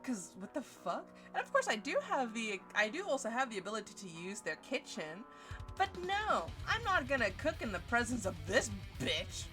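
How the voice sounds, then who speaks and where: A woman in her twenties streaming, telling a story in a casual, animated and profane way. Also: on the high side, normal speed. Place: home streaming setup. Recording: stream audio with music underneath. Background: background music.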